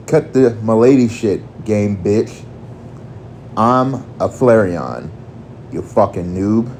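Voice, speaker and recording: A man's voice: fairly low pitch, lively intonation, slow pace, darkish tone, a little hiss or hum. A man voicing a crude young woman who plays a Flareon, talking trash with swearing. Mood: brash. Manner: crude, brash trash talk. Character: foul-mouthed young woman posing as a Flareon.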